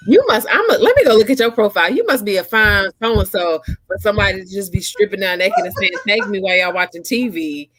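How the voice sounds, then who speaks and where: A woman's voice: medium pitch, expressive, fast, few pauses, a bit bright. A woman co-hosting a casual chat show, blunt and emphatic, often laughing. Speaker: podcast co-host.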